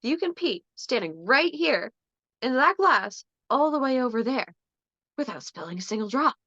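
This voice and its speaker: A woman voicing a crude, swearing bartender in a bar joke with a loud, rough delivery over a dull, lo-fi recording. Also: very high voice, sing-song, moderate pace, no room sound, heavily acted. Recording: dull lo-fi sound.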